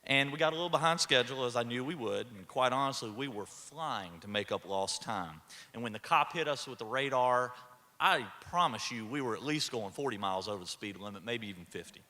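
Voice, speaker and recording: A man's voice: mid-range voice, lively intonation, brisk, bright, forceful tone. A man delivering a humorous commencement keynote from a podium, telling a story in a folksy way with dry humor. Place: large ceremony hall. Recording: echoey hall.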